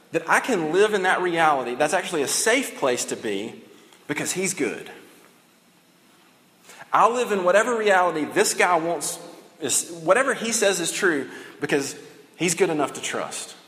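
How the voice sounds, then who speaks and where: A man's voice: fairly high pitch, big pitch swings, moderate pace, a bit bright. A man preaching a sermon in a conversational way, acting out the dialogue of the story as he goes. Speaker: pastor. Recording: echoey hall, long reverb.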